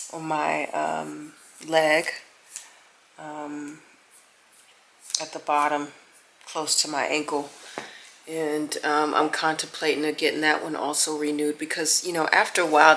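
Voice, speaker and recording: Speaking in a deep voice at a measured pace with frequent pauses, a middle-aged woman chats casually to camera for her vlog. She exclaims animatedly and drifts into soft musing over faint background music, with a little hiss or hum on the recording.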